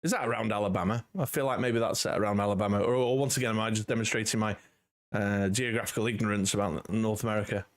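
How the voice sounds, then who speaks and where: Speaking fast in a lowish, steady voice, this UK livestream host in his forties rambles amiably to his viewers from home. "You know" crops up again and again in the casual chat.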